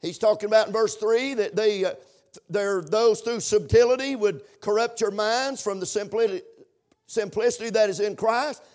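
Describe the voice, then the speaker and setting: A man's voice: high voice, moderate pace, darkish tone. A man preaching a sermon in a chanting, sing-song cadence, breaking in with amens.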